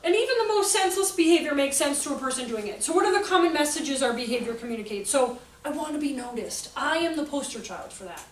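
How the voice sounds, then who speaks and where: A woman in her forties giving a jokey, animated talk to an audience about children's behavior and acting out the quotes. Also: high voice, fast talker, hardly any pauses. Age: 40s. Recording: echoey hall, voice from far off, faint noise.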